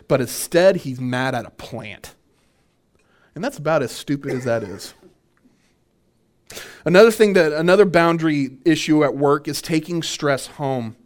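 A man, a minister, teaching a church workshop on boundaries, animated and full of restarts as he tells stories. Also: on the high side. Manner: animated storytelling with many restarts.

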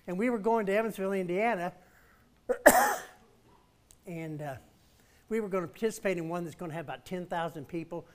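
A man's voice: high voice, fairly quick, pauses often, a little mellow. A man preaching in a church, telling a story and calling the congregation to respond with emphatic lines. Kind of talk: storytelling sermon.

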